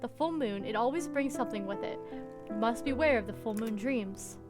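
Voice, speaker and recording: Kindly older housekeeper, motherly and superstitious, read by a woman, fairly high voice, soft music behind. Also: brisk, lightly acted. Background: background music.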